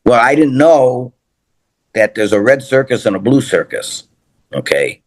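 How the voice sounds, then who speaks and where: A man's voice: medium pitch, very animated, a little slow. An older man, a TV personality, in casual chat, rambling through anecdotes with restarts and repeated phrases. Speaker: guest, TV personality.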